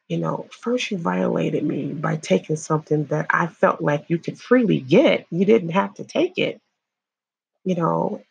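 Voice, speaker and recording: A woman from Illinois giving earnest personal testimony, halting and repeating herself as she speaks to viewers. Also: fairly low pitch, creaky, a little mellow, slightly rough, lo-fi sound. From Illinois, USA. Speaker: survivor sharing her story.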